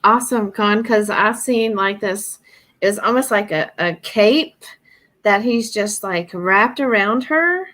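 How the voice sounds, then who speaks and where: Slow, soft-spoken woman on a call. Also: mid-range voice. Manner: soft, slow, searching for words. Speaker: channeling participant. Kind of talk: spiritual group call. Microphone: video call.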